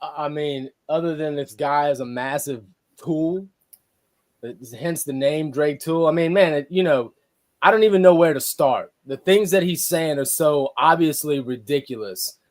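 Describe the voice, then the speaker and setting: A man's voice: on the high side, normal speed, a little mellow. A man co-hosting a sports podcast, arguing heatedly in a rambling casual way with frequent restarts. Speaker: podcast co-host.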